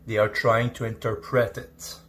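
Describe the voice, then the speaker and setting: A man explaining scripture in a preaching style, halting and restarting mid-sentence. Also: fairly low pitch, level tone, fairly bright tone. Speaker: Bible teacher on a video clip.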